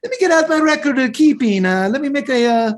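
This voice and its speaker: A man voicing a flustered little pizza delivery guy who stammers in a high voice. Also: expressive, fast talker.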